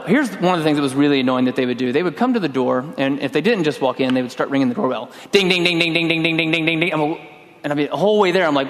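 In a long, reverberant hall, a middle-aged pastor with a medium-pitched voice delivers a sermon. He speaks casually, recounting a personal story and voicing his own lines.

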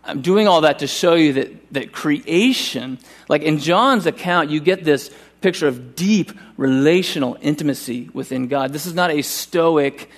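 Earnest and urgent, a male pastor with a fairly high pitch gives a sermon at church. Scripture passages get a slower, more deliberate reading.

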